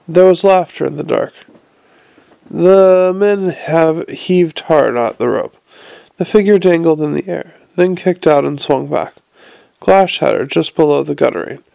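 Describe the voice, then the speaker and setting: A man reading a novel aloud with lively, slightly stumbling narration. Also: a little high, unhurried, creaky, pauses often. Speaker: audiobook narrator.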